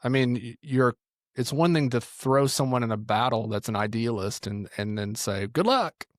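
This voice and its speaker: A man's voice: medium pitch, moderate pace, no echo, studio quality. A man who is a pastor and ministry teacher, telling stories in a podcast conversation and acting out what people said. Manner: animated storyteller acting out quotes.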